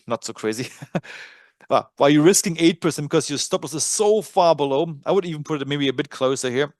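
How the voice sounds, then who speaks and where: In a clean studio recording with no room sound, a man with a German accent and a slightly high voice runs a live screen-share trading webinar. He talks casually, thinking aloud and leaning on plenty of fillers.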